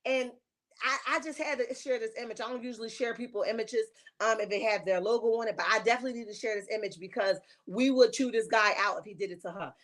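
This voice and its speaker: A woman's voice: a little high, quick pace, fairly bright tone. Sassy woman gossiping on a livestream. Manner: sassy, emphatic, chatty, reads viewer comments aloud. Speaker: livestream host. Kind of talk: casual reality-TV gossip livestream.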